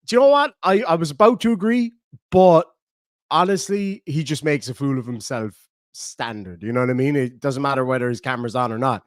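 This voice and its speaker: A man's voice: medium pitch, a little fast, no echo, clean studio sound. A middle-aged Irish man hosting a livestream, casually rambling and joking as he reads out viewer comments. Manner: rambling, jokey, chatty. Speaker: livestream host. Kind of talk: casual chat reading live comments.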